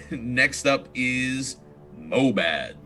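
A man's voice: mid-range voice, expressive, very slow, music in the background. A man narrating as game master of a tabletop game, explaining rules in an easygoing way with plenty of fillers.

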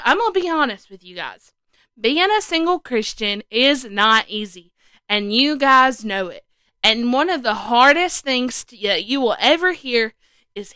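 Woman, podcast host, bubbly and self-joking, slow and unhurried, crisp bright voice. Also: a little high, no echo. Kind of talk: casual faith talk to single listeners. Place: indoors at home, standing.

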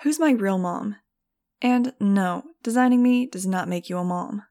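A woman puts on a sarcastic teenage girl for an audiobook. She mocks and wisecracks, her voice lifted a little higher and pushed louder than the narration around her. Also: measured pace, lightly acted. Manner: mocking, wisecracking. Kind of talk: audiobook reading.

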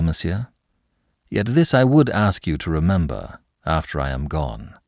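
Brief: narrator as a proud young man, measured and formal, dry close recording. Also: low-pitched, a little mellow, dry recording, exaggerated voice. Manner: measured and dignified.

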